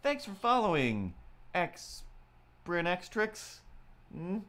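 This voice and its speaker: A man's voice: sits high, very animated, slow, fairly bright tone. A man hosting a livestream, chatting casually and rambling as he draws, with lots of filler words. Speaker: livestream host. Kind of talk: casual chat while drawing on a livestream.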